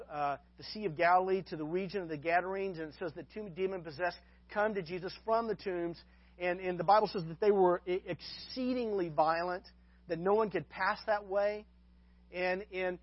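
A man's voice: high voice, no room sound, highs cut off. A man preaching a sermon as pastor, often restarting and repeating words, with folksy asides to his congregation.

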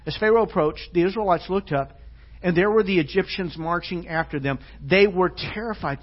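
A man preaching a sermon in a church. He is earnest, moving between hushed, soft passages and loud, emphatic ones. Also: high voice, moderate pace. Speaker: pastor. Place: church sanctuary. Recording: dull lo-fi church recording.

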